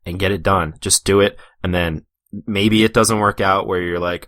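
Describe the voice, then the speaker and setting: A man with a very low voice hosts a laid-back chat, agreeing easily and speaking in loose, everyday phrases. He sounds close to the mic in a dry, dead room. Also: normal speed, dry recording. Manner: relaxed, agreeable, says "dude" and "like". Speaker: podcast host. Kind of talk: casual interview chat.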